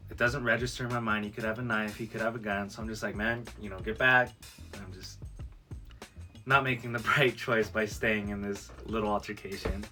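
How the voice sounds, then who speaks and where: Male vlogger, lively storyteller who voices the quotes, slightly low and bright tone. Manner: animated storyteller who acts out quoted lines. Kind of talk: storytime vlog.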